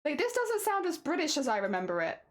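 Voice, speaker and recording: A woman's voice: high-pitched, huge pitch swings, fast. A woman streamer chatting casually and giggling as she talks to her viewers. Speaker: craft streamer. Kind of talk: casual live-stream chat. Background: music playing.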